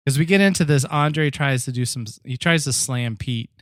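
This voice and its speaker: A man hosting a casual podcast, recapping a TV episode at a mid pitch with a chatty, patient way of explaining. His voice sits close and dry, with no room sound around it. He restarts his sentences often as he walks through the details. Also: moderate pace, a bit bright, no room sound. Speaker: podcast host.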